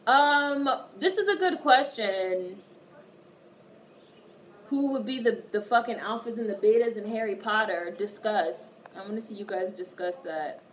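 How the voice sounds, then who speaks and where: A woman with a mid-range voice speaks unhurriedly while hosting a casual livestream. She reads viewer comments aloud and answers them with plenty of swearing, recorded on a distant mic with faint background noise.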